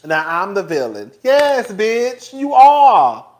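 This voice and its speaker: A man hosts a loose live-stream commentary, his pitch leaping up and down as he goes. He is chatty and profane, breaks into laughter often, and keeps talking straight to his viewers. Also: slow pace. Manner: animated, profane, laughs often between remarks; chatty, talks straight to viewers as "girl" and "y'all". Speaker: host.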